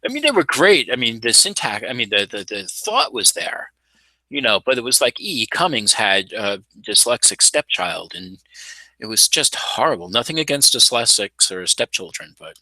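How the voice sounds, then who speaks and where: A man's voice: mid-range voice, big pitch swings, normal speed, sharp tone, dry recording. A man hosting a casual home electronics video, narrating his typing and soldering with playful, showman-like announcer asides. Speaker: maker channel host. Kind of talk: casual live coding and tinkering commentary.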